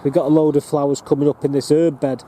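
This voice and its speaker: A northern English man with a very dark, mellow voice, rambling chattily as he walks his allotment plot. He talks plainly into a handheld camera, with faint outdoor noise behind him. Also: a little high, little pitch movement, fast talker. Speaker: allotment gardener and vlogger. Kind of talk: casual walking tour.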